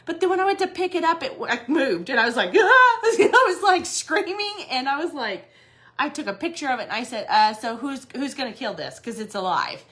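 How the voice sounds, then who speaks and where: A woman's voice: fairly high pitch, a little fast. A middle-aged woman hosting a home decor livestream from her office, chatting casually and telling stories with laughs. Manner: chatty, animated storytelling with laughs. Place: her office in a shed building.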